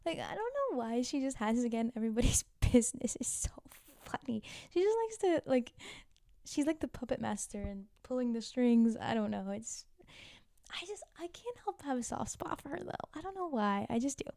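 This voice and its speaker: A chatty woman retells a TV drama as a vlogger, giggling and tossing in asides. Her voice sits a bit high with a soft, mellow tone. The sound is dry and close, with no room around it. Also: big pitch swings, moderate pace, gravelly, no echo. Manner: gossipy, giggly, full of "like" and asides. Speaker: TV recap vlogger. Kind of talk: casual chatty recap.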